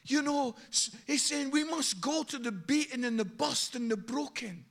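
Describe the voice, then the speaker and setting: A male preacher delivering an impassioned sermon in a strikingly high, bright voice. He drives his points home with repeated exhortations, his tone forceful and ringing. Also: moderate pace. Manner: impassioned, repetitive exhortations, acts out quoted voices.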